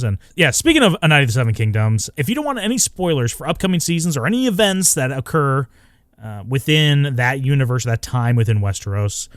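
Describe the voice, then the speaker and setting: A man co-hosting a casual podcast, joking around and breaking into quick impressions. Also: medium pitch, no echo. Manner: animated, jokey, does quick voice impressions. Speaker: podcast co-host.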